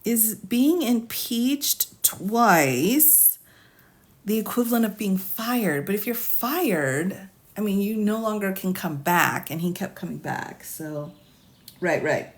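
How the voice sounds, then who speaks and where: A woman's voice: mid-range voice, lively intonation, slow pace. A woman attorney on a live stream who reads questions from a legal form aloud, then muses over them with frequent laughs and asides. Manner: asides, musing and thinking out loud.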